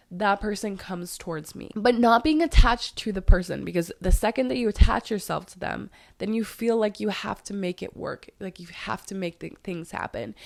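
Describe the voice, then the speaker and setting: A young woman hosting her own podcast with a raspy, hoarse voice, giving earnest advice and repeating points for emphasis. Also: medium pitch. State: hoarse, voice tired. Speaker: podcast host. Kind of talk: solo podcast talk.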